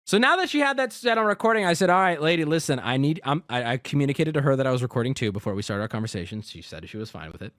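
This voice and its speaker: Talking very fast with hardly any pauses, a man in his thirties furiously recounts a customer service call for his stream, cursing and acting out the dialogue from both sides. His pitch is medium, and the sound is clean studio audio with no room sound.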